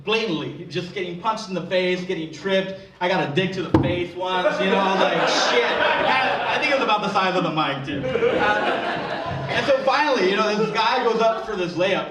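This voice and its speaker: A man's voice: sits high, heavy background noise. A young man performing a crude, self-deprecating stand-up routine, full of swearing, to a live audience. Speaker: stand-up comedian. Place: live comedy venue with audience. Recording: echoey room, distant mic, crowd laughter.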